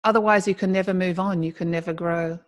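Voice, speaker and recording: Animated middle-aged woman telling stories. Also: on the low side, fast. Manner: animated, laughs often while telling stories. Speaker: podcast guest. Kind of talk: conversational storytelling.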